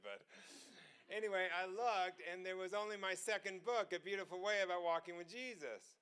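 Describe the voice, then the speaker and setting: A man preaching a testimony sermon, telling a story with frequent laughter and excitement. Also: sits high, moderate pace, smooth.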